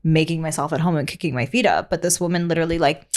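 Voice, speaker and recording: A woman's voice: low-pitched, rapid-fire. Bubbly laughing woman podcast host. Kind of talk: casual chat. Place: visiting Australia.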